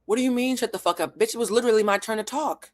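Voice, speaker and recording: A woman's voice: on the high side, very fast. A woman hosting a live stream with commentary, talking in an analytical and emphatic way and swearing freely. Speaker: host.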